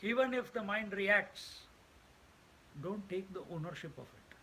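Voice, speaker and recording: A man's voice: sits high, animated, measured pace, bright, forceful tone, slight background noise, poor audio. A man teaching a spiritual discourse, emphatic and repetitive, laughing at his own jokes. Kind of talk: Vedanta discourse.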